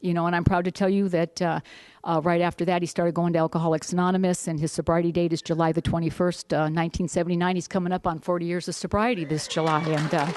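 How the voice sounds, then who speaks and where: A woman's voice: lowish voice, quick pace. Older woman telling a blunt personal story. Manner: blunt, salty, animated storytelling. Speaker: speaker sharing her story. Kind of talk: personal testimony talk.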